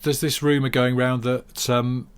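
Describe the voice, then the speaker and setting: A man's voice: mid-range voice, flat delivery, a little slow, clean tone. A man co-hosting a podcast in casual chat, wry and explanatory. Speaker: podcast co-host.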